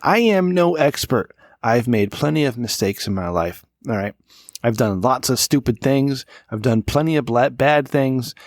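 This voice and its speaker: A gravelly-voiced man in his late thirties rambles through a casual podcast chat, profane and a little drunk. He is recorded close on a dry studio mic. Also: mid-range voice, animated, normal speed, dry recording. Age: 30s. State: slightly drunk. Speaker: podcast co-host. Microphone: studio microphone.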